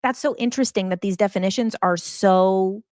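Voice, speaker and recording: A woman's voice: medium pitch, normal speed, darkish tone, no echo, clean studio sound. A woman host, talking in a casual, emphatic monologue full of fillers. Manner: chatty, emphatic, many fillers. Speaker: podcast host.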